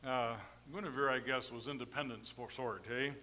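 A middle-aged man preaching a storytelling sermon, folksy and rambling, with sudden swings between loud emphasis and quiet asides. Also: medium pitch, steady tone, normal speed, big-room sound. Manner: folksy, rambling anecdotes with tag questions.

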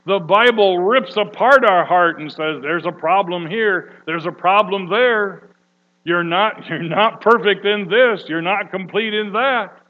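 A man preaching a sermon, slow and earnest, building to loud emphatic peaks. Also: high voice. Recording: dull lo-fi recording with mains hum.

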